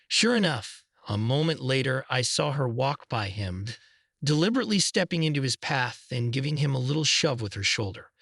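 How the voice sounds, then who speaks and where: A man narrating a first-person story in a measured, scripted way. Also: medium pitch, animated, vocal fry, a bit bright, husky, no room sound, studio quality.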